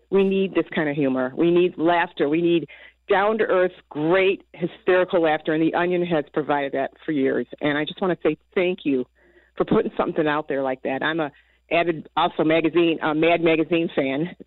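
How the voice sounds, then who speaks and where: A woman's voice: lowish voice, dry recording. A woman calling in to a radio show, effusive and grateful as she speaks. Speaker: radio caller. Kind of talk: phone-in comment. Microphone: telephone. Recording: tinny phone line.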